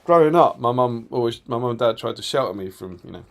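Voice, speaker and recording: A man's voice: medium pitch, lively intonation, fast talker. A man co-hosting a casual live stream, reading viewer comments aloud with a chatty, laughing manner. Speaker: co-host reading chat comments.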